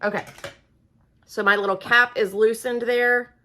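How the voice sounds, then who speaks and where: Unhurried and fairly even in intonation, her voice is on the high side with a pushed, bright quality. A woman from Oklahoma, she demonstrates a product in a casual how-to, folksy and chatty, treating viewers as friends.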